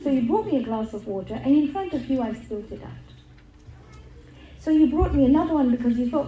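A woman's voice: sits high, lively intonation, brisk, warm tone, dull audio. Earnest woman in a roomy hall. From England. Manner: earnest storytelling with emphatic repetition. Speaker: religious speaker. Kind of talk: religious talk to an audience.

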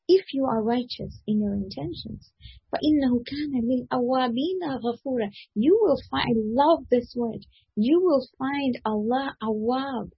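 A middle-aged woman giving a Quran commentary lecture, reciting verses quickly and then explaining them slowly in English. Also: a little high, creaky, slightly rough, muffled recording. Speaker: religious teacher.

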